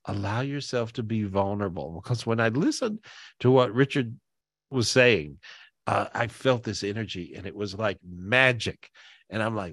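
A man's voice: on the low side, lively intonation, normal speed, a bit bright, no room sound. Brief: emotional male podcast host on a video call, teary, rambling, dry close sound. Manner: rambling, repeats himself, emotional.

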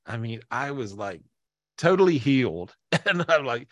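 A man's voice: medium pitch, big pitch swings, a little slow, fairly bright tone, no echo, clean studio sound. A man hosting a live podcast over a video call, teary and emotional, rambling and repeating himself. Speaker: host.

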